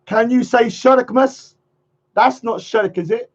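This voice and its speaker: A man with a high voice and an unhurried pace hosts a casual livestream chat, rambling loosely, repeating phrases, and chuckling often. The stream audio is muffled and lo-fi.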